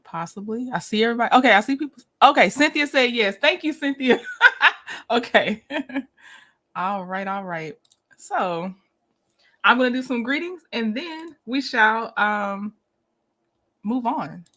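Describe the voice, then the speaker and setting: A woman hosts a casual livestream. Her high voice stays upbeat and chatty as she greets viewers one after another, laughing easily along the way. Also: lively intonation, a little slow, long pauses, a bit bright. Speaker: livestream host.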